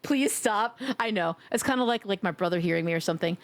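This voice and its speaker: A woman streaming live in a casual, playful chat, teasing her viewers and laughing loudly. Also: slight background noise. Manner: drops to a low sultry tease at times.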